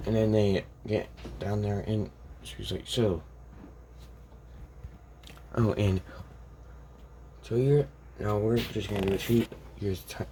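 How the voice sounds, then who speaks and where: A man's voice: fairly low pitch, steady tone, takes it slowly, long pauses, mellow, a little hiss or hum. A young man telling an improvised fan story, rambling with constant restarts and quoting each character's lines in his own plain voice.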